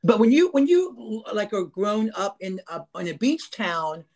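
A man's voice: sits high, very animated, measured pace, darkish tone. A man co-hosting a casual podcast, asking curious questions and joking. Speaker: podcast co-host.

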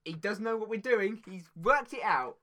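A woman's voice: mid-range voice, lively intonation, normal speed, fairly bright tone. A woman improvising a comic story, giggly and often stumbling over her words.

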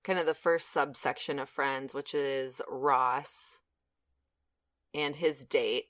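A woman's voice: rumbling low, steady tone, slow, a bit bright, no room sound, studio quality. A young woman co-hosting a podcast in casual chat, chatty with frequent fillers and laughs. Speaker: podcast co-host.

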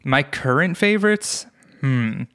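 A man's voice: mid-range voice, animated, fairly bright tone, clear, resonant tone. A man from New York, guest co-hosting a casual podcast chat, joking and teasing. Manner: joking, teasing, quick to laugh. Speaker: guest co-host and podcast editor.

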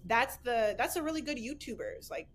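A woman's voice: on the high side, lively intonation, normal speed, slight background noise. A young adult woman talking casually as a podcast guest, chatty and full of fillers and restarts. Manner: chatty, filler-heavy, frequent restarts and bursts of laughter. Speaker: guest influencer.

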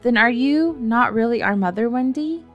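A woman's voice: on the high side, expressive, moderate pace, dull audio, faint music behind, voice pushed up. A woman voicing a small, sleepy, innocent little boy in a storybook reading.

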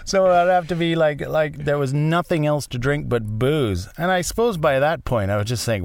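A man's voice: a little high, moderate pace, few pauses, dry recording. A man in his forties chatting casually as a guest, rambling and self-deprecating, often restarting his sentences. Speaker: podcast guest. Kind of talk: casual chat.

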